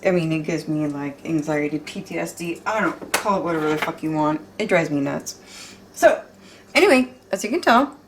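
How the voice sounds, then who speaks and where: A woman's voice: mid-range voice, darkish tone, a little hiss or hum. Chatty, cursing woman baking at home. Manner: chatty, profane, exclamatory. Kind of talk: casual cooking chat.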